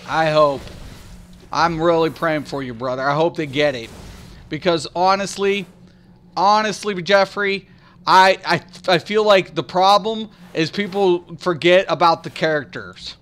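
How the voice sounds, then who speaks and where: Excitable man rambling on a game stream. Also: on the high side, measured pace. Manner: rambling, excitable, talks back to chat. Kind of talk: casual live-stream chat.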